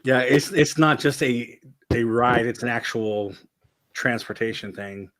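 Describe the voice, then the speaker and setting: A man hosting a casual watch-along, commenting on a ride video in a relaxed way. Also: medium pitch, a little slow, dry recording, rough recording. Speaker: host.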